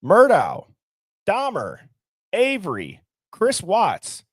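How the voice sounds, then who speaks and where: A man's voice: high voice, wildly swooping pitch, takes it slowly, breathy edge, no room sound, clean studio sound. A young man hosting a livestream, talking casually and animatedly, firing off rhetorical questions. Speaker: livestream host.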